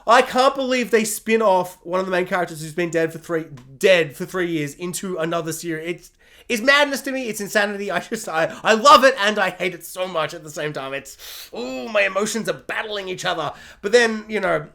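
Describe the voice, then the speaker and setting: A man with a high, bright voice delivers a rambling, sarcastic comic rant as a video reviewer. He exaggerates everything for laughs. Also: expressive, a little fast, vocal fry. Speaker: YouTube TV reviewer.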